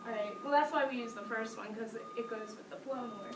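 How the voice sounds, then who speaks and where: A woman teaching a music class, talking lively and breaking into sing-song examples, recorded from afar in a classroom. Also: a little high, fast. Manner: lively, sing-song demonstrations with frequent laughs. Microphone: distant camera mic. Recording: echoey classroom from far off, noisy.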